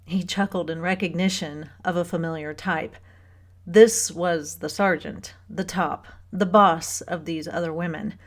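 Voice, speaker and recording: A woman reads a novel in scripted audiobook narration; her pitch is fairly low and her storytelling delivery stays steady and measured.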